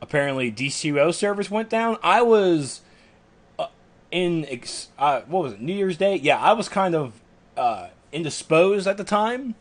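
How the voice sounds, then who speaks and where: A young man co-hosting a gaming podcast, reading forum posts aloud and chatting in a self-deprecating, easygoing way. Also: on the high side. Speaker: podcast co-host. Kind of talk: casual gaming podcast chat.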